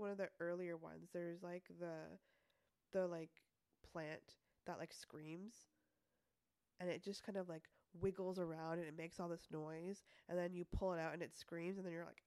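A woman with a slightly low voice talks casually through a self-help episode. She is chatty, laughs easily and slips into playful quoted voices. The sound is dry and close, with no room around it. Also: a little mellow, dry recording. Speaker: podcast host.

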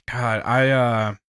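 A man's voice: mid-range voice, clear, resonant tone. A man hosting a podcast in casual chat, laughing often and swearing casually. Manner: laughing, lively, profane. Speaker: podcast host.

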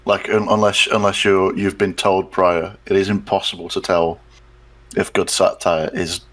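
A man's voice: deep voice, little pitch movement, moderate pace, a bit bright. A man co-hosting a casual fan podcast, blunt and jokey, swearing freely. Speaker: podcast co-host.

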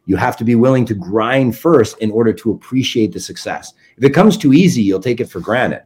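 A man in his forties, a documentary filmmaker, chatting as an interview guest and telling animated stories while acting out quoted dialogue. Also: medium pitch, fairly quick, husky. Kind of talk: casual interview storytelling.

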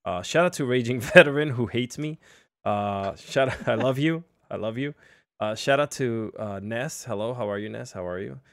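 A man's voice: medium pitch, normal speed, a bit bright, no room sound, clean studio sound. A young man hosting a casual livestream, chatty and self-deprecating, with lots of fillers. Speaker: livestream host.

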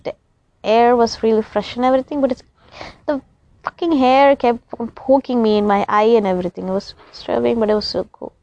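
A woman's voice: mid-range voice, darkish tone, no room sound. A young woman vlogging in a rambling, chatty, emotional way. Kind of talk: casual chat to camera. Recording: slightly dull recording.

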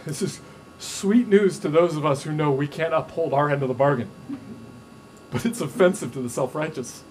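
A male pastor preaching a sermon to a congregation, animated and playful, acting out the voices in his stories. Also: a little high, moderate pace, slight background noise. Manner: animated, acts out quoted voices with humor. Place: church stage before a congregation.

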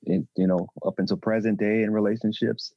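A man answers questions as a podcast guest, speaking haltingly with plenty of restarts. His voice sits very low, with a gravelly and husky edge. The recording is dry and a little dull. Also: little pitch movement, dry recording. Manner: halting, with many restarts and fillers. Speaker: relationship and mindset coach. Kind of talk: podcast interview.

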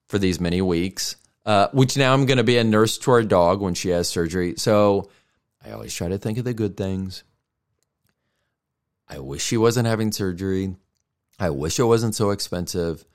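A middle-aged man hosting a casual solo podcast, rambling and self-deprecating as he thinks out loud. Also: low voice. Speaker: podcast host.

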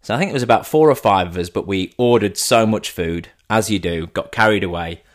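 A man's voice: on the low side, brisk. Chatty man telling a funny story. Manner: chatty, teasing. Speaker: podcast host. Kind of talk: comic storytelling.

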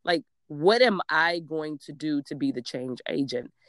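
A woman's voice: low-pitched, expressive, a little slow, fairly bright tone, no echo, studio quality. A young woman from Georgia co-hosting a podcast, speaking in an earnest, motivational way in casual chat. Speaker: podcast co-host.

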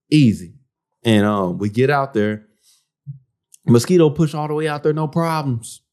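A man's voice: mid-range voice, normal speed, darkish tone. A man co-hosting a podcast, telling a story in a laid-back, slangy way, dropping "bro" and "man" into almost every line. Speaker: podcast co-host. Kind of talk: casual storytelling.

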